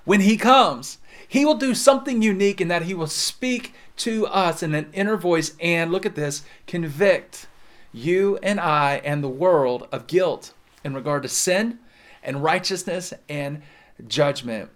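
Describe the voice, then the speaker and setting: A man preaching a sermon in a fairly high voice. He leans hard into some words and lets others drop quiet and slow. He keeps turning back to the listener. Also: lively intonation. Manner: dynamic preaching, swings between loud emphasis and soft drawn-out words. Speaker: pastor.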